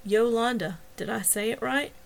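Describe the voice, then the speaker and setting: A man's voice: very high voice, normal speed, vocal fry. A self-pitying deaf young man, a little drunk, mumbles his way through his words, as a woman reads him aloud. He puts himself down in a storybook reading. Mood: musing.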